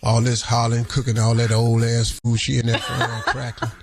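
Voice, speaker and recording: A man hosting a radio show, riffing in a loud, animated, jokey storytelling way. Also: mid-range voice, moderate pace, music in the background. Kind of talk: comedic radio talk.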